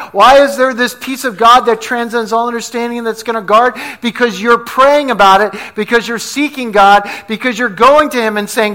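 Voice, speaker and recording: Guy pastor giving a sermon, pretty high voice, bright and lively, chatty with the crowd. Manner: conversational, asks the congregation questions, tells stories animatedly.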